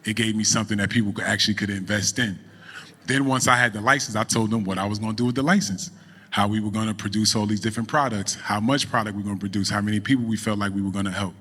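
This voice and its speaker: A middle-aged man, a guest on a podcast, telling a story in a relaxed, animated way and running a business. He falls into casual speech. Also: fairly low pitch, racing, breathy edge, big-room sound. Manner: animated storyteller, acts out quoted voices. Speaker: podcast guest, cannabis entrepreneur.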